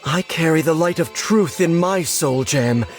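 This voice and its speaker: An actor playing a gentle, solemn male cookie mage who speaks in an earnest, measured way, with soft game music behind him. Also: a little high, lightly acted. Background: faint game music.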